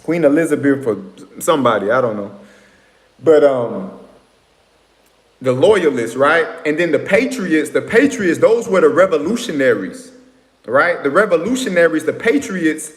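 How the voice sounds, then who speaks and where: A man's voice: a little high, expressive, moderate pace. A man talking straight to viewers in a rambling, lecturing way, often checking in with "right?" and "you know what I'm saying". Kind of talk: casual monologue to viewers. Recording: echoey room with long reverb.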